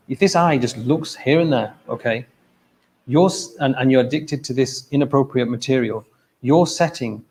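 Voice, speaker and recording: A man's voice: mid-range voice, a little mellow, poor audio. A man giving an informal religious talk at a mosque. He speaks conversationally, repeats phrases and keeps checking in with his listeners.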